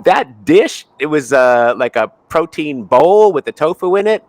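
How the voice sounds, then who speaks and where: A middle-aged man chatting casually as a guest, animated, often tagging his points with a quick "right?". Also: a little high, no room sound. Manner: animated, ends many remarks with "right?". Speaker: co-host guest. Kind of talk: casual conversation.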